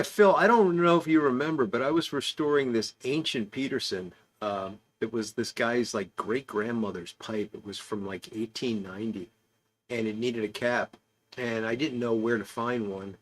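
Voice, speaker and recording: A man's voice: mid-range voice, moderate pace. A man hosting a casual online pipe-smoking club, rambling through stories and chuckling as he reads out comments. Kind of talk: casual chat.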